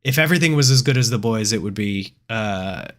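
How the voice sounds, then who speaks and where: A man's voice: on the low side, lively intonation, fairly quick. Laid-back man with a stuffy nose. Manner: laid-back, rambling with fillers. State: nasal from a cold. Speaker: podcast co-host. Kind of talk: casual livestream chat.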